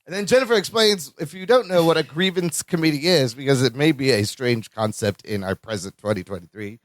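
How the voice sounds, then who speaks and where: Man, podcast co-host, animated joking banter, high voice, dry close mic. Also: a little fast, no echo. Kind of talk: casual chat recapping a sitcom episode.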